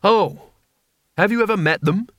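A man's voice: sits high, animated, slow pace, a bit bright, no room sound, studio quality, voice pushed up, heavily acted. A man voicing a cowardly wizard, agitated and sarcastic. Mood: angry, sarcastic.

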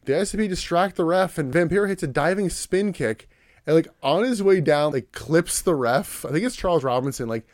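Fairly high-pitched and quick, this man has a darkish tone and lively intonation, recorded dry with clean studio sound. He co-hosts a podcast, recapping wrestling in a rambling, casual way, acting out little voices and leaning heavily on "like."

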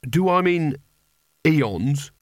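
A man's voice: a little high, expressive, a little fast, gravelly, a bit bright, no room sound, clean studio sound, heavily acted. A man voicing a nervous, cowardly male wizard who talks in a defensive, whiny way. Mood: flustered.

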